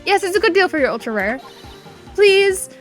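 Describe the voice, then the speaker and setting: A woman's voice: mid-range voice, fast, soft background music, lightly acted. A woman voicing a frantic young female card collector who begs breathlessly. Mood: desperate pleading. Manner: breathless, begging, squealing.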